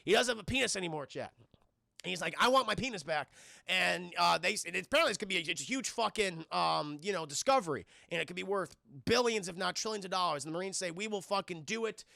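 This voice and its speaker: A man's voice: sits high, expressive, fast, gravelly, pushed and bright, no echo, studio quality. A man reviewing a film on a live stream, talking casually and profanely, rambling and often addressing his chat.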